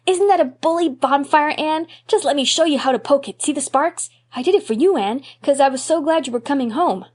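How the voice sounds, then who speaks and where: A woman's voice: sits high, fairly quick, pitched above the performer's own voice, natural voice. A woman reading an audiobook, voicing an eager, mischievous little boy in a raised, childlike voice. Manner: excitable, pleading, childlike.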